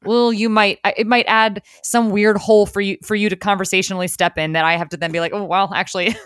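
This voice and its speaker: A young woman co-hosting a casual podcast chat, animated and laughing often, with lots of fillers. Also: mid-range voice, fast, smooth, dry recording, studio quality. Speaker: podcast co-host.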